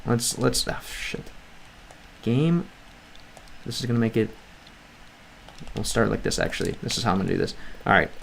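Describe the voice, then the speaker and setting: A man's voice: on the low side, normal speed, creaky, pauses often, fairly bright tone, slight background noise. A man livestreaming as he studies a language, chatting casually, thinking aloud, reading the chat and often restarting his sentences. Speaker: language-learning streamer.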